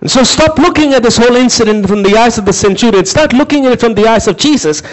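A man preaching a sermon, dramatic, shouting some phrases and dropping low and slow for others, asking listeners to repeat words after him. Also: low-quality recording. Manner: dramatic, swings from high emphatic shouts to low slow intense delivery.

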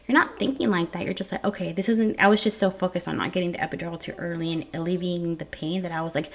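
A woman's voice: fairly low pitch, brisk. A young woman, a new mother, candidly telling her birth story to viewers in a casual way, stumbling over repeated words. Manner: candid, repeats words when emotional, addresses viewers directly. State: tearful at times.

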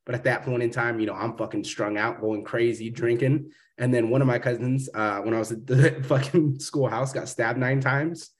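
A man's voice: mid-range voice, fairly even intonation, moderate pace, few pauses. A man hosting a podcast, talking in a rambling, profane, casual way and calling his guest brother. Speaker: podcast host. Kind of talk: casual interview chat.

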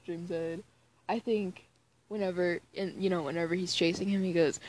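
A woman's voice: lowish voice, a little fast. A woman casually reading fan fiction aloud, breaking off with exasperated groaning asides about how much she hates it. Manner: groans and cringes between read passages.

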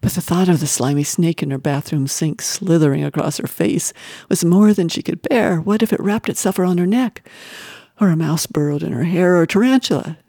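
A woman reading a novel aloud in measured, expressive audiobook narration, sometimes dropping to a whisper. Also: lowish voice, no echo, clean studio sound. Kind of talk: scripted narration.

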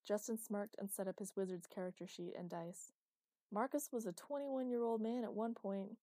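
A woman narrating an audiobook in an even, measured reading. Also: medium pitch, dry recording.

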